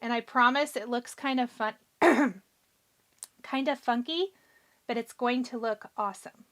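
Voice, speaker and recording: A woman hosting a live craft tutorial, chatty and encouraging, talking through each step and answering viewers' comments, her voice a little hoarse. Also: a little high, fairly even intonation, normal speed, a bit bright. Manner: chatty, encouraging, thinks aloud while working. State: a bit hoarse. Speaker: craft show host.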